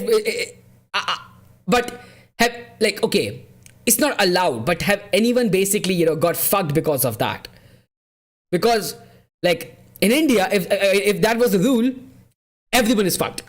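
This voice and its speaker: Excitable, swearing young male streamer. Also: sits high, normal speed, long pauses. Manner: excitable, profane, reads and answers chat. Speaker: streamer hosting a football watch-along. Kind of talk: live-stream commentary and chat.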